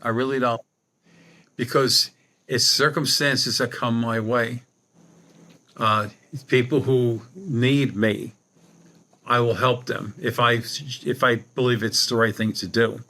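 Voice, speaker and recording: Bright-voiced older man telling a long story. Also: mid-range voice, fairly even intonation, slow pace. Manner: rambling, anecdotal, many restarts. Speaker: guest, psychic medium. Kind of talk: storytelling in a podcast interview.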